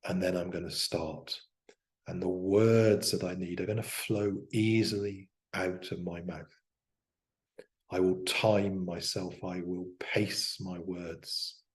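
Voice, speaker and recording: Deep, flat-voiced man murmuring self-hypnosis. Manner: slow, soft, affirming self-talk. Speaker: hypnosis coach. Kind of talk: demonstrating self-hypnosis aloud.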